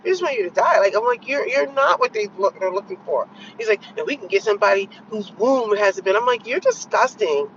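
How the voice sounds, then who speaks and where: A woman's voice: fairly quick, few pauses, dull audio, a little hiss or hum. A woman vlogging her opinions, telling a story in a blunt, exasperated way and acting out her own retorts. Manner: animated storytelling, quoting her own retorts with sharp pitch jumps. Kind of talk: opinionated commentary vlog.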